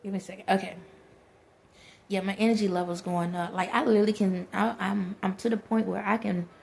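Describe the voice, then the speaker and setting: A woman's voice: mid-range voice, fairly even intonation, fairly quick, creaky, a little mellow. A woman, talking to her viewers in a rambling spiritual monologue, laughing often and speaking to presences only she feels.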